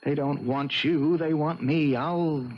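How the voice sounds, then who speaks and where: A man playing a nervous husband in hiding who stammers and talks haltingly, in a 1970s radio drama. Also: a little high, steady tone, slight background noise. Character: nervous middle-aged husband hiding in witness protection. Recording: dull old radio broadcast.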